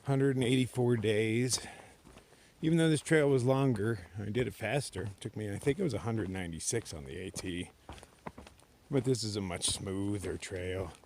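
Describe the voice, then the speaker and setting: A man's voice: on the low side, moderate pace, darkish tone, slight background noise. A man vlogging to himself outdoors on a mountain trail, laid-back and joking, swearing freely as he talks. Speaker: thru-hiker vlogger. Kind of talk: casual vlog monologue.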